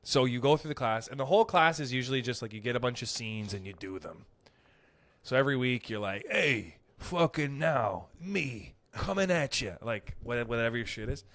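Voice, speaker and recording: A Canadian man co-hosts a podcast, talking fast in a mid-range voice with no room sound. He's an animated storyteller in casual chat who keeps slipping into quoted voices.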